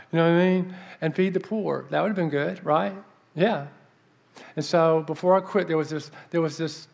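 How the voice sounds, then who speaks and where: A man giving a sermon as an earnest, animated story, dropping soft for emphasis. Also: on the high side, gravelly. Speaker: preacher.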